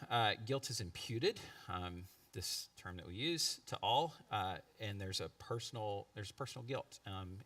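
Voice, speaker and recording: A man's voice: on the low side, sharp tone, no echo. A man in his thirties preaching a sermon in a church, conversational, with fillers and asides to the congregation. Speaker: pastor. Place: church sanctuary. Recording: live church recording from a distance.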